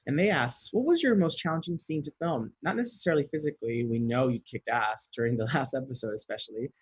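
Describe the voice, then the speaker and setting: A giggly, talkative man runs through fan questions at an easy pace and laughs often. His voice has a soft, breathy edge. It is recorded close up in a dry room with no echo. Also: medium pitch, fast. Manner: chatty, giggly, reads questions aloud then rambles. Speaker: actor answering fan questions. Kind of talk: casual question and answer video.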